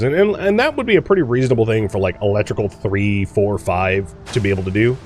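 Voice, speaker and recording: A man's voice: lowish voice, expressive, fast, hardly any pauses, darkish tone, soft background music. A man hosting a let's play, chatting casually through gameplay, exclaiming and grumbling at the game.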